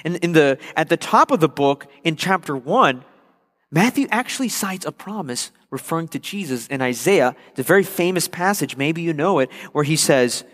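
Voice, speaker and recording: A male pastor delivers an earnest sermon, leaning on repeated phrases to drive each point home. His voice sits a little high for a man. It rings out with a long reverb, as if filling a church sanctuary.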